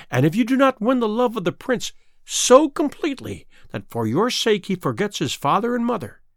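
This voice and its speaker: A cruel sea witch taunts in a raised, sing-song voice, as a man reading a storybook puts her on. She stretches her words slowly and lets them rise and fall widely. The sound is close and dry. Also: high voice, no echo, voice pushed up, full character voice. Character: cruel scheming female sea witch, mocking.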